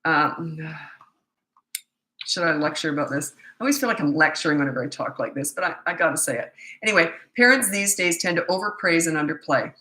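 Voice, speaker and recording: A woman's voice: low voice, lively intonation, brisk, sharp tone, echoey room, low-quality recording. A middle-aged woman parenting coach talking through viewer questions in a chatty, emphatic live advice session.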